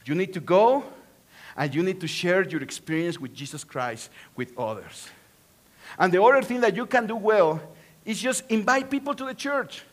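A man from Mexico with a Mexican Spanish accent, a pastor preaching a sermon in an animated way, swinging from hushed to excited with joking asides. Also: high-pitched, moderate pace.

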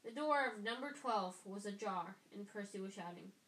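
A woman's voice: medium pitch, expressive, moderate pace, fairly bright tone. Woman reading aloud in an echoey room. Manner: reads with frequent stumbles and restarts. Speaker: reader. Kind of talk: amateur audiobook reading. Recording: echoey room with faint noise.

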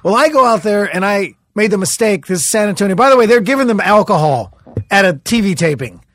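A middle-aged man with a higher voice than most tells old stories as a podcast guest. He talks in animated bursts, swears freely and restarts his sentences. The recording is dry and close. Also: brisk, no room sound. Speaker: comedian guest. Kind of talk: casual storytelling chat.

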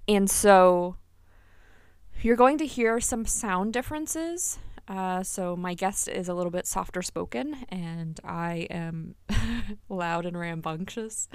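Podcast host, woman, candid and animated, curses casually, a little vocal fry, dead-dry closet sound. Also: mid-range voice, slow, no room sound. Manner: candid, animated, swears freely, laughs often. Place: small closet. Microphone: single podcast microphone.

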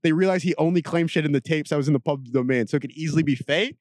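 A man in casual podcast chat, telling a story with animated energy, swearing freely and laughing often. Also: fairly high pitch, very fast, no room sound, studio quality.

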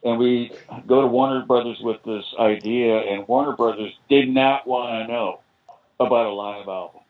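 Steady in tone and moderate in pace, the mid-range voice belongs to an older American man appearing as a guest musician on a podcast. His long, drifting anecdotes are dotted with "you know," and the sound is tinny like a phone call.

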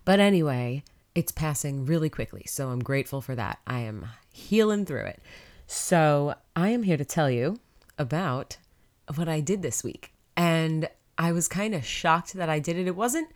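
A woman's voice: sits low, lively intonation, moderate pace. A woman hosting a podcast, upbeat and chatty, sounding stuffed up from a cold. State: congested with a cold. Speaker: podcast host. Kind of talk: motivational podcast monologue.

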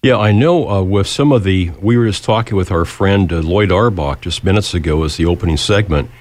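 A man's voice: low-pitched, a little fast, darkish tone. A man hosting an interview, chatty and fond of telling stories. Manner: chatty storyteller. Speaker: radio host. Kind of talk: interview talk.

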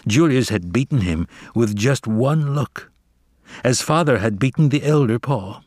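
Slow, expressive male storyteller. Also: mid-range voice, no echo, studio quality. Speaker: audiobook reader. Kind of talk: scripted narration.

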